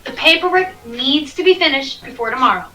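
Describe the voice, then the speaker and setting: A woman's voice: sits high, animated, a little fast, bright, forceful tone, recorded from a distance, voice pushed up, rough recording. A woman voicing a dutiful young tavern clerk who stays polite and focused on her paperwork.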